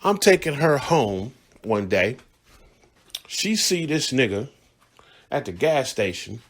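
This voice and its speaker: A man's voice: medium pitch, sing-song, takes it slowly. A man hosting a radio show, telling a story in a casual, blunt, profane monologue and laughing along the way.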